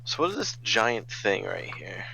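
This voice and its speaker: A man's voice: fairly low pitch, big pitch swings, unhurried, vocal fry, pushed and bright, dull audio. A man playing a tabletop game who chats casually and asks curious questions. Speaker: player.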